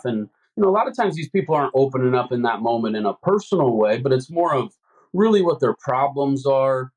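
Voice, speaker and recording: A man's voice: medium pitch, poor audio. A man talking as a guest salesman in a casual interview, earnest and rambling with lots of fillers. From Ohio. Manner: earnest, rambling, many "you know" fillers. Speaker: home services salesman, guest.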